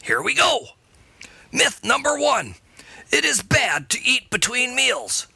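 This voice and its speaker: Brief: man puts on a high, gravelly, slow-talking dude scout, bright and husky. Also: very animated, no room sound, full character voice. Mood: goofy. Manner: laid-back surfer slang, calls listener dude. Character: Buttons, a goofy surfer-dude boy scout. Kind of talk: comedy segment.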